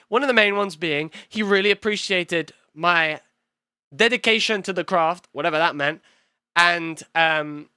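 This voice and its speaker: A young man reacting to his own video on stream, excitable and swearing, talking in quick bursts. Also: sits high, smooth, no room sound, clean studio sound. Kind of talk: casual reaction commentary.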